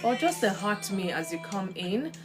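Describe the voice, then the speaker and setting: A woman's voice: mid-range voice, very animated, moderate pace, music in the background. Woman host for a casual live stream, friendly chatter, mid-range voice, thanks viewers by name. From Nigeria. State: coughing from kitchen fumes.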